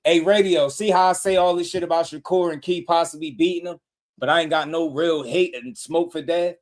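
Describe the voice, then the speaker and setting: A man hosting a casual boxing live stream, talking loose and slangy and shouting out viewers in the chat. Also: a little high, fairly even intonation, a little fast.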